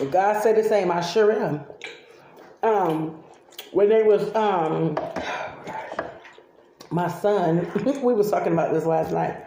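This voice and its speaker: A woman's voice: mid-range voice, reverberant, noisy background. A woman and mother telling family stories over breakfast in a casual, chatty way, laughing often. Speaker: vlogger and mother. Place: home kitchen table.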